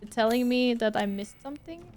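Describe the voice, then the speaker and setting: A woman's voice: fairly high pitch, lively intonation, a little fast, a little mellow. A woman, streaming a horror game live, swearing and exclaiming at the game and chatting with her viewers. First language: Swedish. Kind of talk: live gameplay commentary.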